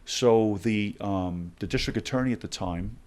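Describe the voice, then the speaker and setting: A man's voice: on the low side, moderate pace. A middle-aged man, telling stories in a podcast interview and acting out the dialogue as he goes. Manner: animated storyteller acting out dialogue. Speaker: guest, former hostage negotiator.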